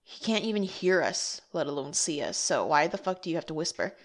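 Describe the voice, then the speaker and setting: A woman's voice: deep voice, expressive, brisk. A woman voicing a bossy, foul-mouthed ghost. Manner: blunt, swears freely. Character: bossy scheming female ghost haunting a house. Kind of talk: amateur audio drama.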